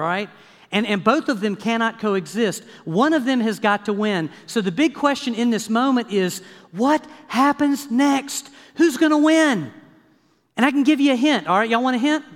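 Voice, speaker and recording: A man preaching a sermon as pastor, lively and conversational, checking in with the congregation with frequent asides. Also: high voice. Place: church sanctuary. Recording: long hall reverb.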